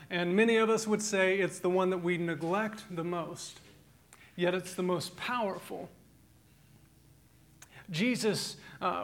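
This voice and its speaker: A man in his thirties preaching a sermon, animated, rising to emphatic peaks and mixing in humorous stories about his family. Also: high voice. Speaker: pastor.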